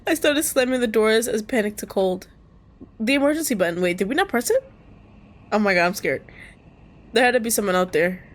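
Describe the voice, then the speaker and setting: A woman streamer reading a visual novel aloud. She switches between calm narration and loud, laughing, cursing reactions. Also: a little high, a little fast, pauses often, a little hiss or hum. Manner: expressive, jumps from calm reading to squealing and laughing; casual and cursing in asides. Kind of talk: reading game text aloud with live reactions.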